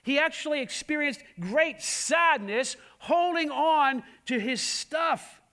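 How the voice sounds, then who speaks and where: High-voiced male pastor, emphatic sermon delivery, full of rhetorical questions. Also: takes it slowly. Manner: emphatic, swings between loud and hushed, many rhetorical questions.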